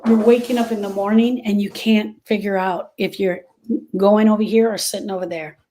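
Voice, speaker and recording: Warm-voiced woman giving an earnest pep talk. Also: mid-range voice, fairly even intonation, normal speed. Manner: earnest, repeats key phrases, speaks directly to the listener. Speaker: grief support host. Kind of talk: heartfelt live-stream talk to viewers.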